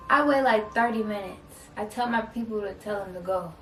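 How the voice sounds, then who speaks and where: A young woman tells a casual storytime, jumping into quoted lines of both sides of an argument with lively energy. Her voice sits at a middle pitch and is picked up from a little distance in a roomy, echoey space, with faint music underneath. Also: brisk. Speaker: vlogger.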